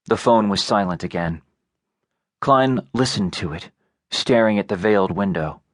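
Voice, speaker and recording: A male audiobook narrator reading fiction in a measured, even delivery on a close studio mic. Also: on the low side, no echo. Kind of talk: scripted narration.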